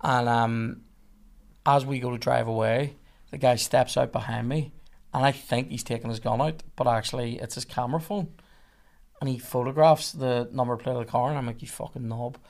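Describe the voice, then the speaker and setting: A man's voice: mid-range voice, moderate pace, gravelly. A young man, a podcast guest telling a swear-heavy story and acting out the other people in it. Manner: animated, swearing, acts out others' lines. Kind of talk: casual storytelling.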